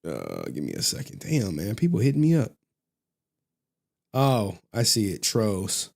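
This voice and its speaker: A man with a fairly low voice chats loosely on his livestream, cursing freely and breaking into laughs. His talk is casual, joking and profane. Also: wildly swooping pitch, unhurried, creaky, a little mellow. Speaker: livestream host.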